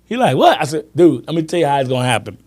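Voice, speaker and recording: A man hosting a sports podcast, telling animated stories in casual chat and acting out his friends' lines. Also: medium pitch, rapid-fire. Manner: animated storyteller, acts out friends' lines, laughs often. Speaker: podcast host.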